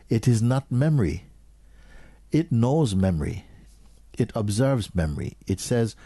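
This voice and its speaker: A man giving a slow, questioning spiritual talk to an audience, sometimes dropping to a near whisper. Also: mid-range voice, animated, dark tone, no echo, studio quality. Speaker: spiritual teacher.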